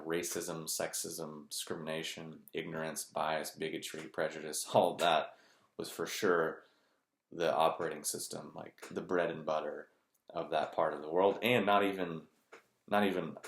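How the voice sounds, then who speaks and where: A man's voice: very deep voice, vocal fry. A man giving a blunt, profane, sarcastic personal monologue as a vlogger. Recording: roomy echo.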